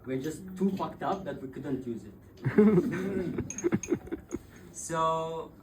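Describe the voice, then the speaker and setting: A man's voice: on the high side, drawn-out words. Man telling a personal story from afar. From Yemen. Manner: swearing, laughing, animated retelling. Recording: distant voice with clear background noise.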